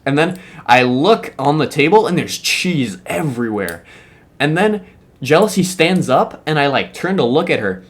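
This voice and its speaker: A young man telling a school story in a casual, animated way, full of slang, swearing and fillers. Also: fairly high pitch, moderate pace.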